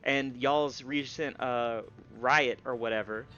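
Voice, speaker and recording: A man narrating as game master for a tabletop game, talking in a halting way with many fillers. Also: mid-range voice, steady tone, sharp tone, dull audio.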